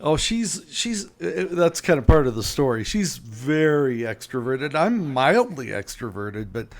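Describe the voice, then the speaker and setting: An American man, a guest author on a podcast, telling personal stories in a lively, self-deprecating way. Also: medium pitch, a little slow. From United States. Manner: animated anecdotes, self-deprecating humor. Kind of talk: conversational storytelling.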